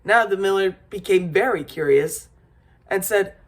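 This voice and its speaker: A woman reading an old fairy tale aloud as a storyteller, lively, with small slips and restarts. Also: medium pitch, a little slow.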